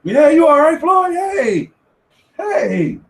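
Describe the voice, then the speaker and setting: A man voicing an excitable male boxing referee who fusses over a fighter and shouts at him. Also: extremely high pitch, takes it slowly, roomy sound, pitched above the performer's own voice, heavily acted. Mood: fussing. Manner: shouting, fussy.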